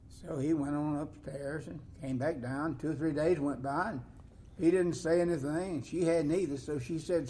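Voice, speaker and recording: A man telling a homespun story slowly. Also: fairly high pitch, steady tone, darkish tone, a little hiss or hum. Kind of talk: casual Christian talk.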